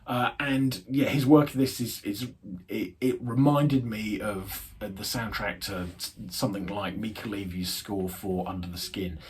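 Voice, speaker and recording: Husky man rambling through a film review. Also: fairly low pitch, fairly even intonation, unhurried. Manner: rambling, full of fillers and hedges.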